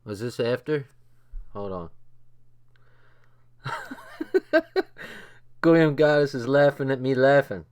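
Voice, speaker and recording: A man's voice: mid-range voice, slow pace, pauses often. An older man hosting a late-night livestream, laughing hard and swearing a lot as he reacts to a show. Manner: laughing, profane, excitable. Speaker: livestream host.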